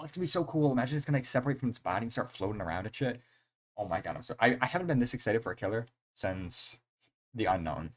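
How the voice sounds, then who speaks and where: A young man talks on a live game stream. His voice sits a little low. He rambles from one thought to the next, gets excited easily, and leans on slang and fillers. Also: a little hiss or hum. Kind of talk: casual live-stream chat.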